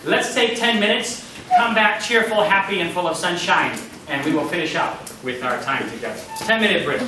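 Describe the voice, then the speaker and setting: Casting: lively male lecturer, higher voice, taken from afar in a very reverberant hall. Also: moderate pace, distant mic, background noise. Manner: animated, demonstrates voice changes, chuckles often. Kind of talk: public-speaking workshop lecture.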